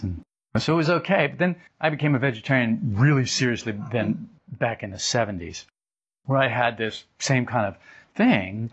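An older man giving an informal spiritual talk as a teacher, telling stories and acting out quotes with his voice jumping higher. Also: breathy edge. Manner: animated storytelling, acts out quotes with rising pitch. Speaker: esoteric teacher. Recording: dull lo-fi recording.

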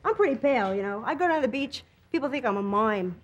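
A young woman from Long Island, a stand-up comedian on a TV studio stage, with a quick, punchy delivery. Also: on the high side, lively intonation, lo-fi sound. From Long Island, New York. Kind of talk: stand-up routine and talk-show chat. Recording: loud studio audience and noisy broadcast.

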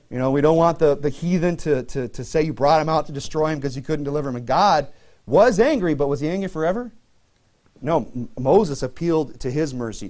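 A man's voice: mid-range voice, a little mellow. A man in his thirties preaching a sermon in a casual, conversational way, full of fillers and restarts. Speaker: pastor.

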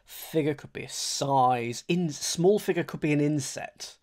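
Man thinking aloud over crossword clues. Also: fairly high pitch. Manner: thinks aloud, rereads clues slowly, chatty with viewers. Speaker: streamer solving a crossword. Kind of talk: casual live-stream commentary.

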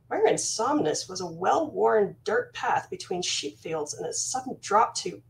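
A woman author reads her fantasy novel aloud in the first person, steady and measured. Her voice sits at a middle pitch and sounds somewhat distant from the microphone. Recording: voice slightly distant from mic.

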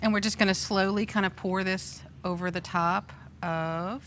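A woman's voice: mid-range voice, fairly even intonation, normal speed, a bit bright. Woman, guest cook, chatty, laughs easily, TV studio kitchen, background noise. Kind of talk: cooking demonstration.

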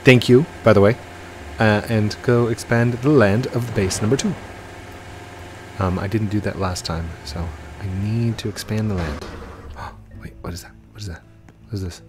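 A young man hosting a gaming channel, giving chatty, excitable gameplay commentary with frequent exclamations. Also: on the low side, normal speed, over music.

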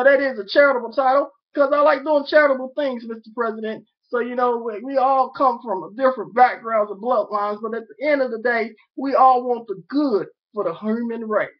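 A man's voice: extremely high pitch, dull audio. A young man from Memphis with a Southern accent, rambling grandly and promoting himself in a self-recorded political monologue. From Memphis, Tennessee. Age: young adult. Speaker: video blogger.

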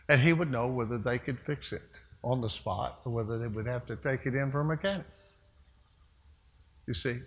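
A man preaching a sermon as a pastor, telling a story in a loose conversational way with asides. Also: medium pitch. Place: church sanctuary. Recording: long church reverb.

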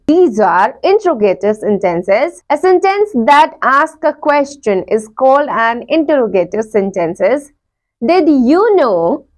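A woman teacher, explaining a grammar lesson slowly and repeating each example. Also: on the high side.

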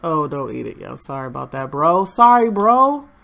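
A woman's voice: extremely low pitch, a little fast, gravelly, fairly bright tone. A young woman chatting through her gameplay and talking to the game characters. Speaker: gaming channel host. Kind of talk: casual gameplay commentary.

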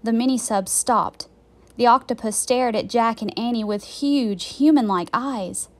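A woman teacher reading a children's chapter book aloud in a slow, clear and expressive way. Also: fairly high pitch.

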